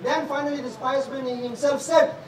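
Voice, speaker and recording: This is a man with a high voice translating a religious talk into English for a large gathering. He halts and repeats phrases as he goes, adding Arabic honorifics after holy names. The recording is echoey and distant, with faint hiss behind. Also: fairly even intonation, darkish tone. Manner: halting, repeats and restarts phrases. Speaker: interpreter of a sermon. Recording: echoey hall recording from afar.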